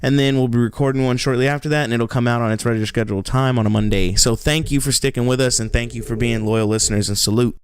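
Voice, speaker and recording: A man co-hosting a podcast, telling stories in an animated way and laughing often. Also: mid-range voice, fast, few pauses, clean tone, no room sound. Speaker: podcast co-host. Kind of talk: casual chat.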